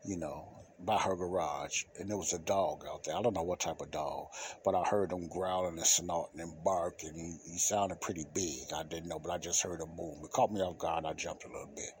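A man's voice: deep voice, fairly even intonation, a little fast, a little hiss or hum. A middle-aged man hosting a podcast, telling a personal story in loose, casual speech and laughing often. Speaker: podcast host.

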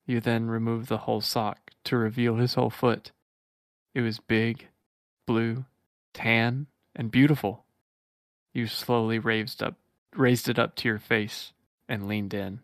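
A man co-hosting a comedy podcast, reading fan fiction aloud in a flat, steady voice for laughs. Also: medium pitch, a little slow, no echo, studio quality. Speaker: podcast co-host.

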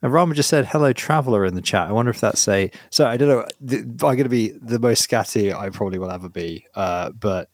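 A man's voice: fairly low pitch, fast talker, few pauses, no room sound, clean studio sound. A man co-hosting a podcast in casual chat, rambling and self-interrupting, laughing often. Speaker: podcast co-host.

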